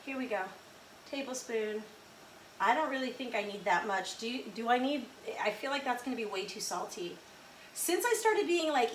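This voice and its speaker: Mom vlogger in her 30s, bright higher voice, rambly, self-deprecating; roomy kitchen echo, faint hum behind. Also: distant mic. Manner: rambling, self-deprecating, chatty with many fillers. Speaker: home cook vlogger. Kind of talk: casual cooking vlog chat. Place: home kitchen. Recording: echoey kitchen with faint ambience.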